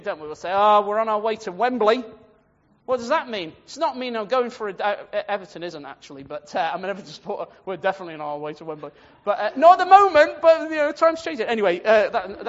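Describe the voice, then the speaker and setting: A man with a high voice gives an informal Bible lesson in a loose, rambling way, often checking in with his listeners. The sound is dull and muffled, with a long echo trailing off the walls. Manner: chatty, rambling, addresses listeners directly. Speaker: Bible teacher. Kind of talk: informal Bible study talk.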